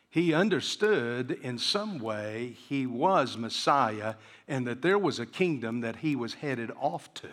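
A man's voice: on the high side, animated, a little slow, hardly any pauses, fairly bright tone, long reverb tail. A man preaching a sermon to a congregation, acting out the voices of the people in his story. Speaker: pastor. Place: church sanctuary.

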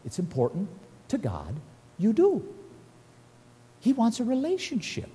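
A man's voice: very high voice, huge pitch swings, a little slow, warm tone, big-room sound. An older man preaching a sermon at a lectern, telling folksy stories and reading scripture aloud. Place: church hall at a lectern.

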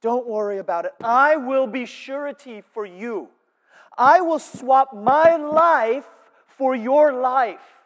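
A solemn, protective biblical elder brother, as a preacher acts him out, speaking slow and drawn out, his vow swelling. The voice sits high and lifted, ringing through a big hall with a long echo. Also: mellow, natural voice. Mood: solemn pledge.

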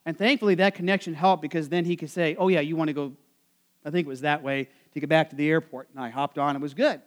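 A man's voice: fairly high pitch, steady tone, quick pace. A man from Nebraska preaching a sermon to his congregation in a chatty way, with lots of fillers and questions put to the people in the pews. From Nebraska, USA. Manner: conversational, full of fillers, asks the congregation questions. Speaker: pastor. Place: church service.

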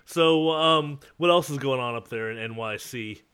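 Bright-voiced man, laughing podcast host. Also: medium pitch, moderate pace, clear, resonant tone. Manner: laughs often, animated, rambling. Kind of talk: casual podcast banter.

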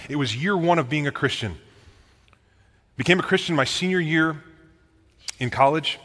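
A man preaching a sermon in a conversational way, asking his listeners direct questions and sometimes dropping to a quiet voice for a personal story. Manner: drops into a quiet, low voice when telling a personal story. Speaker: pastor. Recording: long reverb of a large hall.

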